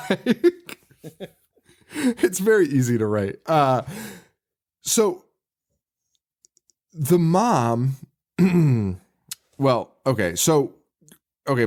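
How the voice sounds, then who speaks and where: A man's voice: mid-range voice, a little mellow. A man co-hosting a podcast in casual chat, laughing often and swearing freely. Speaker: podcast co-host.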